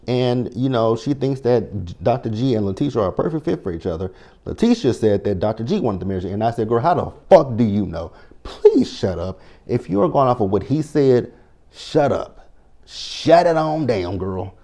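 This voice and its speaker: A man's voice: fairly low pitch, warm tone. A man recapping a reality TV show in a sassy, blunt, profane way, quoting his own reactions as he goes. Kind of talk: casual recap commentary.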